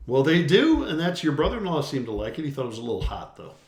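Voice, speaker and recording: A man's voice: on the high side, sing-song, fast talker. Jokey middle-aged man hosting, echoey room. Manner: jokey, teasing banter. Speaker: host. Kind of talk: casual live-stream chat.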